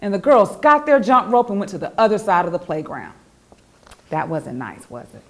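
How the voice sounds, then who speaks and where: Expressive woman reading a children's storybook. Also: medium pitch, moderate pace. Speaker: author reading her own children's book. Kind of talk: storybook read-aloud for children.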